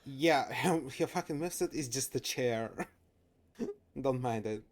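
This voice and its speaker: Russian-accented man streaming, halting speech. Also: medium pitch. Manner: halting, searching for words, laughing and swearing. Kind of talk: casual live game commentary.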